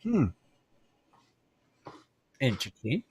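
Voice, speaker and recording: A man's voice: medium pitch, very animated, slow, a little mellow, husky. A man co-hosting a casual radio show, chiming in with short reactions and jokes. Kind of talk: casual chat.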